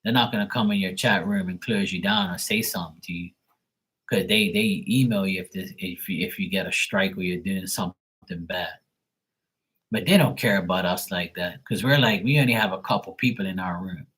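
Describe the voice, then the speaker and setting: Laughing frequently, a livestream host rambles through stories of chat trolls, mocking them with plenty of swearing. He has a deep, fairly bright voice with a breathy edge and speaks fairly quickly.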